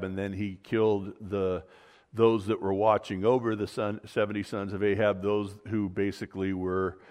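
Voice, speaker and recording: A man's voice: on the low side, darkish tone, big-room sound. A man preaching an informal sermon, retelling a Bible story conversationally with many fillers and restarts.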